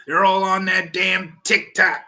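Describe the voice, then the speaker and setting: A man's voice: sits high, flat delivery, takes it slowly, vocal fry, pushed and bright. A man hosting a podcast, casually recapping events with a dry, wry manner. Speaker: podcast host reviewing wrestling. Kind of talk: casual chat.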